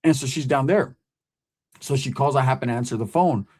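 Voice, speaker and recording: A man's voice: mid-range voice, a little fast, darkish tone. A man from California, telling a story in casual, street-slang style and often tagging his sentences with "right?". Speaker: host.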